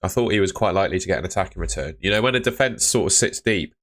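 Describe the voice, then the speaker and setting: A man's voice: low voice, expressive, very fast, a bit bright. A young man chatting casually on a live stream, answering viewers' comments about fantasy football. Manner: chatty, reads out chat comments.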